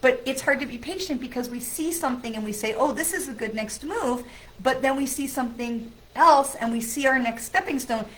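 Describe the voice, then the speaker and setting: A woman's voice: high-pitched, fairly quick, a little hiss or hum, rough recording. Chatty middle-aged woman telling a story. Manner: chatty, animated, laughs through the telling. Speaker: psychic medium host. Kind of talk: casual storytelling to camera.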